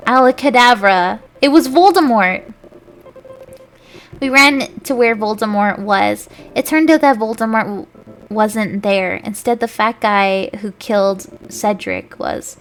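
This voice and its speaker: A woman's voice: medium pitch, unhurried, a little hiss or hum. A woman streamer reading fanfiction aloud, giggling and stumbling over the words.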